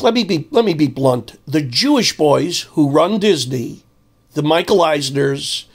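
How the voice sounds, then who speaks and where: An older man delivering an angry, emphatic monologue as a commentator. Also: on the high side. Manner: emphatic, heated ranting.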